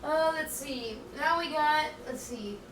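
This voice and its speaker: High-voiced woman streamer cooking and chatting. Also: slow pace, roomy sound, recorded from a distance, background noise. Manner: chatty, reads chat aloud, scattered and playful. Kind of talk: casual chat while cooking. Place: home kitchen.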